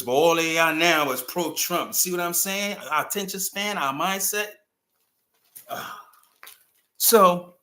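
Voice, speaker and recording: A man giving a blunt, animated commentary monologue, emphatic and profane, at times rising to shouts. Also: high-pitched. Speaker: host.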